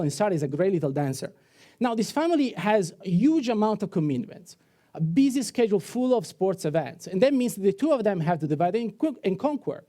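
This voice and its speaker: A man with an Italian accent, a startup founder giving a rehearsed pitch presentation with storytelling and rhetorical pauses. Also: warm tone. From Italy. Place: event hall on stage.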